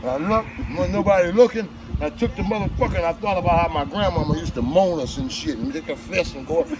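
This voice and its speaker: A man telling a profane, animated work story to friends, often laughing and shouting. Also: sits high, fast, over a noisy crowd, poor audio. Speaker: bricklayer telling work stories. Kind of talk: casual storytelling among friends. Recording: loud music behind.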